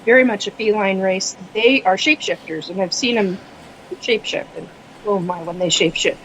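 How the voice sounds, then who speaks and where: A woman speaking as a guest on a podcast panel, hesitant, with many fillers and frequent throat clearing. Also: medium pitch, fairly quick, a bit bright, slight background noise, low-quality recording. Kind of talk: casual podcast panel chat.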